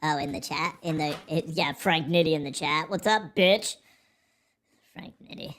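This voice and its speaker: A man's voice: a little high, normal speed, a bit bright. A man hosting a casual livestream, joking, rambling and swearing freely as he reads the chat. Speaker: livestream host.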